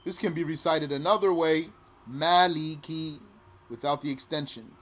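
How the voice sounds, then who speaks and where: A man teaching pronunciation patiently, repeating each phrase slowly and sometimes chanting it. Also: on the high side, a bit bright. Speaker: recitation teacher. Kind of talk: pronunciation lesson.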